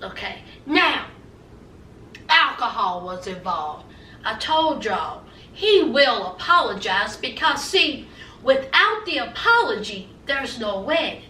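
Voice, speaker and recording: A woman's voice: a little high, sing-song, slow, bright, forceful tone, a little hiss or hum. A woman giving a sassy, gossipy recap of a reality show, acting out the cast's lines. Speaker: recap vlogger. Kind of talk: casual TV recap commentary. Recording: echoey room, mic at a distance.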